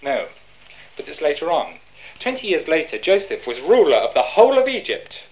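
Woman preacher, low voice, very animated delivery, emphatic and rhetorical. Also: normal speed, dull audio. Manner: emphatic, rhetorical questions answered herself. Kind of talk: sermon.

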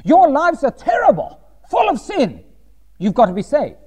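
A man's voice: very high-pitched, huge pitch swings, normal speed, dark tone, pitched above the performer's own voice, exaggerated voice. A man voicing an imagined stern preacher who scolds his listeners over their sinful lives. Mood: scolding. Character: stern fire-and-brimstone male preacher.

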